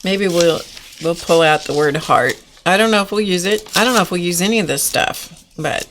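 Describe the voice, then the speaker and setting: A woman with a lowish voice hosts a casual art journaling live stream. She chats loosely and giggles often, rambling as she works. A faint hiss sits under her voice. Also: moderate pace. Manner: chatty and giggly, rambling while working.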